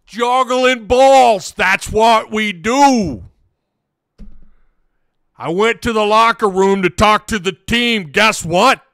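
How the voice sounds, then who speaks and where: A man putting on a slow, exaggerated Italian accent to play a hammy older male coach. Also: high-pitched, vocal fry, fairly bright tone, smooth, no room sound, clean studio sound, pitched above the performer's own voice, heavily acted. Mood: mocking. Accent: put-on Italian. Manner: slow, exaggerated, mocking drawl.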